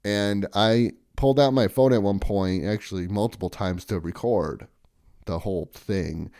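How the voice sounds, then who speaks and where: A man's voice: moderate pace, mellow, clean tone, no room sound, clean studio sound. A man vlogging in a casual, rambling monologue, chatty and sarcastic. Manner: chatty, sarcastic, mocks others in shrill impressions.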